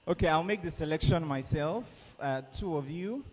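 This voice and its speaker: Nigerian man hosting a lively hall event. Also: fairly high pitch, moderate pace. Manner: lively, coaxing crowd and players. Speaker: event host. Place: conference hall. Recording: echoey hall with faint noise.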